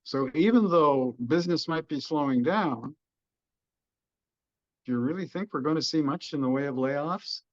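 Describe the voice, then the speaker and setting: A man's voice: fairly high pitch, moderate pace. Folksy Texan man on dull webinar audio. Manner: folksy, jokey explanations. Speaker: economist guest. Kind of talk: webinar discussion.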